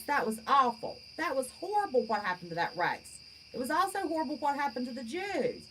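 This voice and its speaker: This livestream host, a West Virginian woman in her fifties, reads her viewers' comments aloud and chats with them bluntly and folksily, speaking her mind. Her high voice sounds pushed and bright. It's a rough recording with a slight hiss or hum.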